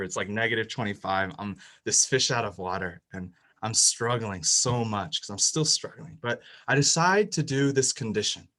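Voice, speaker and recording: A man's voice: fairly low pitch, poor audio. Young man telling an emotional faith testimony. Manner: emotional storytelling, rising and louder at the climax, many restarts. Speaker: speaker sharing a personal faith testimony. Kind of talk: personal testimony talk.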